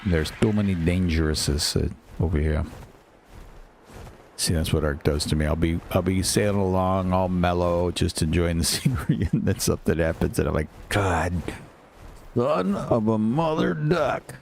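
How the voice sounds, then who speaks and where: A man with a very low, gravelly voice narrates his game as he plays, thinking out loud and grumbling when things go wrong. There is a faint hiss of noise under the recording. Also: steady tone. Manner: muttering to himself, quick to get frustrated and swear. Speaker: gaming channel host. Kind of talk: casual gameplay commentary.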